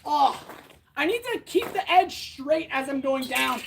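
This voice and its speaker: A woman's voice: high-pitched, measured pace, gravelly, very noisy. A woman hosting a casual livestream, winded as she talks between sword swings and answers viewers. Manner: chatty, answers viewers directly. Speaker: blacksmith livestream host.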